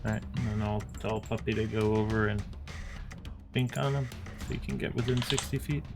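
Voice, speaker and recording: A player in a tabletop game talking casually, thinking out loud through the turn. The voice sits mid-range, and music plays clearly in the background. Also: mid-range voice, fairly even intonation, brisk.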